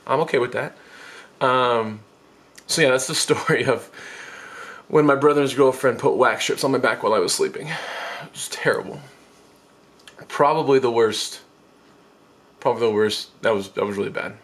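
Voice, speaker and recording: Animated young man telling a funny story. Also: normal speed, long pauses. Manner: animated, self-mocking, jumps into high squeaky voices for quotes. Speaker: vlogger. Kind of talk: comic storytime monologue.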